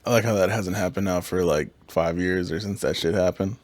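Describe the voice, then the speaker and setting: A man's voice: sits low, fairly even intonation, brisk, no echo. A man co-hosting a podcast with blunt, joking banter full of slang and swearing. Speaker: podcast co-host. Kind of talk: casual chat.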